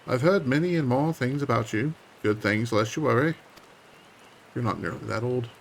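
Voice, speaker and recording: A homespun frontier ranch woman, as a man puts her on while reading game lines, who talks in a twangy old west drawl. She chats in a friendly, encouraging way, and her voice sits at a middling pitch. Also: slight background noise, natural voice, rough recording. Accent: put-on old west drawl. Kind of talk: reading game dialogue aloud.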